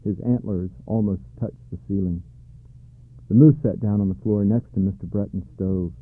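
A man's voice: on the low side, steady tone, normal speed, no echo. Man reading a storybook, thin dry sound. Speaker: narrator. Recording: dry tinny narrow-band sound.

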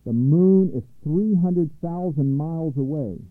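A man's voice: a little high, measured pace, no echo, voice pushed up, lightly acted. Man doing a fussy pompous royal math guy, long-winded, tinny sound. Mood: lecturing. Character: fussy nearsighted royal mathematician, self-important. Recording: tinny phone-like line, dry.

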